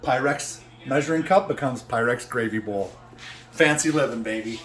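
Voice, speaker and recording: A man's voice: mid-range voice, normal speed, a bit bright, slight background noise. A middle-aged man cooking in his home kitchen for a casual vlog, talking in a brash, joking, boastful way. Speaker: home cook vlogger.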